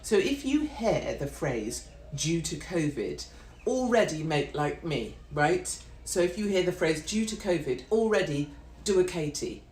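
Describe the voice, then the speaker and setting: A woman's voice: low voice, big pitch swings, a little slow, darkish tone, a little hiss or hum. A middle-aged British woman delivering a brash, sweary, sarcastic live-stream rant. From Britain. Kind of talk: ranting live-stream monologue. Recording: roomy echo.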